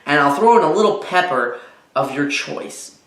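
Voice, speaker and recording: A man's voice: a little high, lively intonation, moderate pace, fairly bright tone. A man voicing a stubborn little boy who whines and haggles to keep his toys, read aloud in a roomy space. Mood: scheming. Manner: whiny, dramatic, wheedling. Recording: roomy echo.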